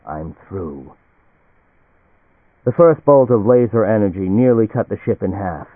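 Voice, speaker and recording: A man narrating a novel in a measured audiobook reading. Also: fairly low pitch, dry recording. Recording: tinny, phone-like and dry.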